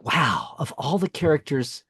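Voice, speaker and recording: A man guest on a podcast, telling lively stories and often breaking off to restart his sentences. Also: a little high, a little slow, breathy edge, no room sound, studio quality. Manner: animated storyteller who breaks off and restarts sentences. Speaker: podcast guest, franchise historian. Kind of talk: casual podcast conversation.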